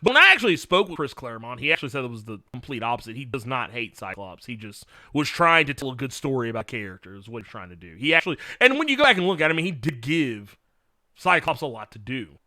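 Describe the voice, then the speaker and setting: A man hosting a livestream, chatting frankly and excitably, laughing often and swearing as he answers viewer questions. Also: mid-range voice, fast, no echo, studio quality. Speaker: livestream host.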